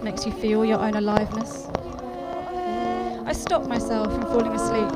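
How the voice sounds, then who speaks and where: A woman's voice: on the high side, animated, measured pace, loud music behind the voice. A woman performing her spoken-word poetry live on a festival stage, rhythmic and repeating phrases. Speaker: poet performing her work. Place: festival stage before an audience.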